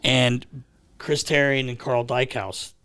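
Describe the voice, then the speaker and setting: A man hosting a podcast, telling stories casually, animated and laughing, swearing freely. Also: medium pitch, takes it slowly, smooth. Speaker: podcast host. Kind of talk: casual storytelling.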